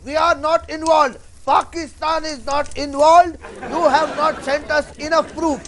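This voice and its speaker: A man's voice: very high voice, fairly even intonation, unhurried, a bit bright, a little hiss or hum. A man playing a defensive, indignant guest on a TV debate who calls everyone a liar. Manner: indignant, accusing.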